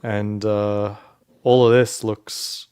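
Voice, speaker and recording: An older man hosting a casual livestream chat, relaxed and chatty. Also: lowish voice, drawn-out words, clean tone, dry recording. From United States. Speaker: livestream host.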